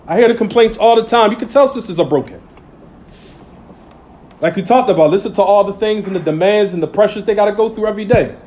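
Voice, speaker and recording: It's a Friday sermon from a man whose voice sits high with a darkish tone. Using casual street English, he leans on call-and-response "what?" questions and acts out little everyday scenes for the audience.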